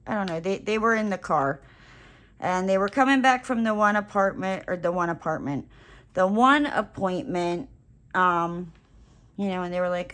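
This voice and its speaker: A woman craft vlogger telling a rambling, animated story while she crafts, with playful self-mocking exclamations. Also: fairly low pitch, moderate pace.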